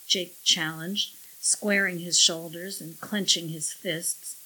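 A woman narrating a science-fiction story in measured audiobook style. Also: fairly low pitch, fairly even intonation, pushed and bright, breathy edge, poor audio.

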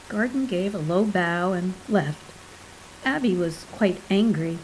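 A woman narrating a short story in an even, measured voice. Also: lowish voice, slight background noise, low-quality recording. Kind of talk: audiobook narration.

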